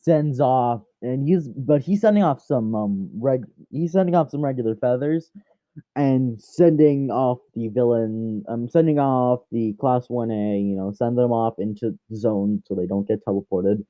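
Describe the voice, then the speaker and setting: A man's voice: mid-range voice, measured pace, dry recording, highs cut off. A man rambling through a casual fan story, chatty and often correcting himself.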